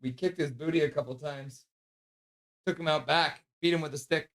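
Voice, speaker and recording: A man's voice: a little high, normal speed. A man hosting a live fan stream, calling the game play by play at home, crying out at big plays and cooing in baby talk at his dog in between. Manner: excitable, cries out at big plays. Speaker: livestream host calling the game.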